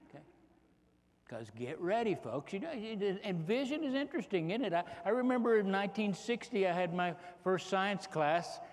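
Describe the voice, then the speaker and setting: A man's voice: high-pitched, sing-song, normal speed. A man in his fifties, an economist giving a folksy, joking keynote talk that is full of rhetorical questions to the audience. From Texas. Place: large conference hall. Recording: long hall reverb.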